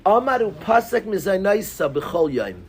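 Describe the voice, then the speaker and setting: Rabbi leading a Talmud class, high and animated, quizzing students, faint room hum in the background. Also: male voice, normal speed. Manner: animated, quizzes students by name, mixes in Hebrew and Yiddish terms. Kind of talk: lively Talmud lesson. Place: synagogue classroom.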